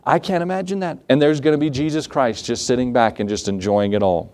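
A male pastor preaching a sermon, animated, often asking the congregation rhetorical questions. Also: medium pitch, brisk.

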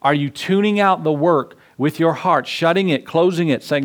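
A man's voice: fairly high pitch, moderate pace. A man preaching a sermon in a church, passionate and full of questions to the congregation. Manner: impassioned, rhetorical questions to the congregation. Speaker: pastor.

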